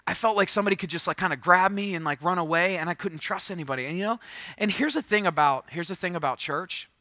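A man's voice: sits high, fast, dry recording. A man in his thirties, a pastor telling a funny, self-deprecating story in a sermon. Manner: humorous, self-deprecating, bursts into loud acted quotes.

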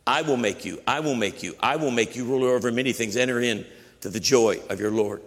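A pastor preaching a sermon with emphatic repetition and shifting voices. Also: male voice, mid-range voice, brisk, fairly bright tone. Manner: emphatic preaching, repeats phrases, quotes voices. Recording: long hall reverb.

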